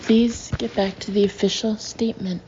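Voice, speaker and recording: A woman's voice: mid-range voice, level tone, normal speed, warm tone, dull audio, slight background noise, close to an everyday voice. A woman reading the part of a furious, bossy press handler, clipped and commanding. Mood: stern.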